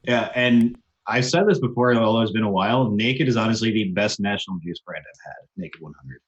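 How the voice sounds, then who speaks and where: A man's voice: on the low side, brisk, highs cut off. A man co-hosting a casual podcast chat, joking, blunt and offhand. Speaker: podcast co-host.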